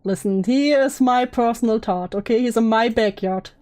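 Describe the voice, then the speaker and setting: A woman hosting a stream, chatting casually and teasing her guest with deadpan jokes. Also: fairly high pitch, moderate pace. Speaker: streamer host.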